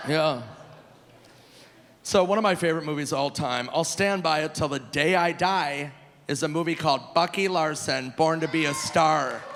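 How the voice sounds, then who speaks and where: A man in his forties performing a live stand-up comedy set, animated and loose, breaking into squealing high voices for punchlines. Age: 40s. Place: large theater stage. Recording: live venue with long reverb, faint noise.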